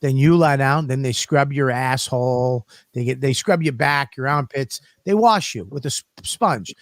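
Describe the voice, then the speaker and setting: A man's voice: medium pitch, normal speed, dry recording, studio quality. A man co-hosting a podcast, telling crude stories in a rambling, profane way. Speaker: podcast co-host. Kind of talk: casual comedic chat.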